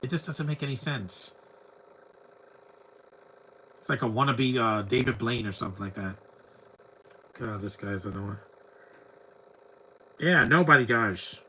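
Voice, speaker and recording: A man's voice: mid-range voice, unhurried, long pauses, sharp tone, slight background noise, rough recording. A man giving live, rambling commentary over a movie, talking back at the screen bluntly and often stumbling over repeated words. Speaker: film commentator.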